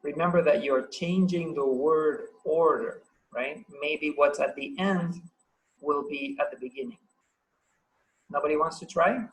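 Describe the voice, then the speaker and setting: This English grammar teacher speaks a little high and a little slow, and the recording is rough. He has a Paraguayan Spanish accent and runs the class over video call, staying patient and encouraging while firing off plenty of questions to students.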